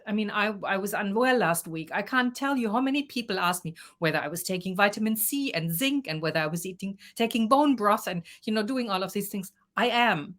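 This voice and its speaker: A woman's voice: medium pitch, lively intonation, brisk, hardly any pauses, fairly bright tone. A woman coach answering interview questions, explaining and advising at length.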